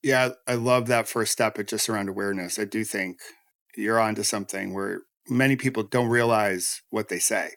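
A man's voice: on the low side, fairly even intonation, normal speed, a bit bright, no echo. Earnest man hosting a podcast interview, dry-voiced. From United States. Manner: reflective and earnest, speaking in long flowing thoughts. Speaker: podcast host. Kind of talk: conversational interview.

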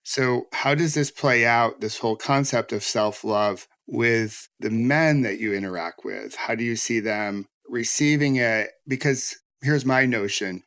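A man's voice: medium pitch, measured pace, few pauses, a bit bright, no room sound. A man hosting a podcast interview, reflective and earnest, talking in long flowing thoughts. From United States. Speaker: podcast host. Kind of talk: conversational interview.

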